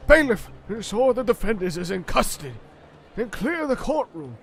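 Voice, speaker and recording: A man voicing a stern male judge who barks loud orders while reading game dialogue aloud. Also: high-pitched, big pitch swings, moderate pace, creaky, a little hiss or hum, pitched above the performer's own voice, exaggerated voice. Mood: commanding.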